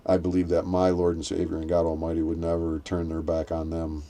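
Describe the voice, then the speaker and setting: Completely flat in delivery, a little fast and dark in tone, a man rambles through a story in casual chat with lots of restarts. He acts out quoted voices in a raised pitch.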